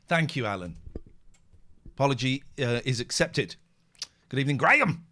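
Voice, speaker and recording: A man's voice: medium pitch, animated, moderate pace, bright, forceful tone. A man hosting a live phone-in stream, rambling and joking as he reads out chat messages. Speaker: host.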